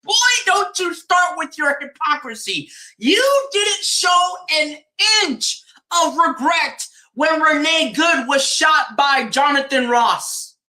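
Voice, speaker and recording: A woman with a high, sharply bright voice delivers a preachy, mocking rant. She talks at an unhurried pace and drops in curses. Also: animated. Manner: preachy, mocking, laughs and swears often. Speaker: streamer. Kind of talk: impassioned religious rant.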